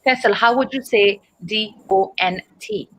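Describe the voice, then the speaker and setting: A woman from Dubai leads an online English conversation class with a bright, clear voice. She talks patiently and encouragingly, spelling out words and putting questions to her students. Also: mid-range voice, a little slow, poor audio. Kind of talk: online group speaking lesson.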